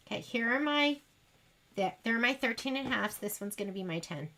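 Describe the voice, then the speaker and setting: A woman's voice: fairly high pitch, lively intonation, fairly quick, sharp tone, a little hiss or hum. A woman hosting a sewing livestream, chatting casually and rambling to her viewers as she works. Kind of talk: casual chat while sewing.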